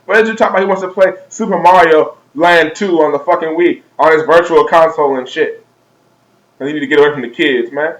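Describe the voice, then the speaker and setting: A man's voice: a little high, fairly bright tone, poor audio. A young man vlogging a comedic rant, profane and exaggerated, laughing at his own jokes.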